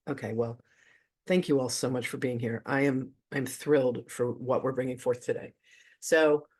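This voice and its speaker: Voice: mid-range voice, a little mellow, slightly rough. An effusive host of an online spiritual gathering tells a story in a loose, conversational way. The voice sits in a middle register. The host chuckles often and lets the odd swear word slip. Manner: effusive, gushing, cusses casually. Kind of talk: casual storytelling to an online audience.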